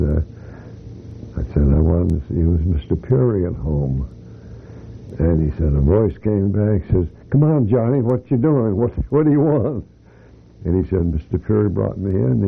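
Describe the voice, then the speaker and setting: A man's voice: sits low, vocal fry. An older man, a retired company employee, telling rambling anecdotes in an oral history interview, with many restarts and fillers. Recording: tinny phone-like band with faint hiss.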